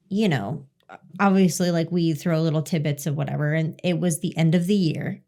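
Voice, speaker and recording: A woman podcast co-host with a low, warm voice chats casually and tells stories, swearing freely.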